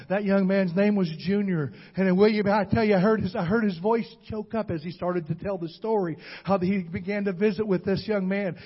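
An older man preaching a sermon as pastor, with call-and-response and rising to shouts. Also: high-pitched, long reverb tail. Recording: dull lo-fi sound.

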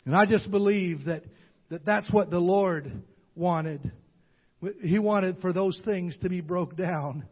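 An older man preaching a sermon as pastor, with call-and-response and rising to shouts. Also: high voice, takes it slowly, husky, in a large hall. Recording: dull lo-fi sound.

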